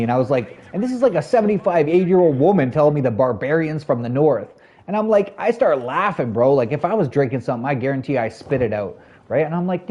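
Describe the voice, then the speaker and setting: A man's voice: mid-range voice, expressive, brisk, warm tone. A man in his thirties chatting casually to his stream viewers, rambling loosely with lots of "like" and "you know". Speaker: live streamer.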